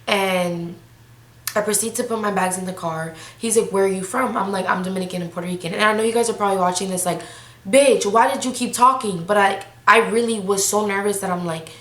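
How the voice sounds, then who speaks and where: A woman's voice: mid-range voice, fairly even intonation, fast talker, fairly bright tone, roomy sound. Eighteen-year-old woman, slangy storytime vlog. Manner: casual, slangy, breathless retelling. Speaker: vlogger.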